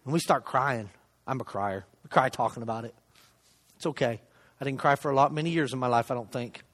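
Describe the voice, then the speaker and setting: A middle-aged man giving a sermon testimony from a church stage, conversational and self-deprecating, swinging between loud emphasis and hushed asides. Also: medium pitch, fairly quick. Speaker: lay preacher giving a testimony. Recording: long reverb of a church hall.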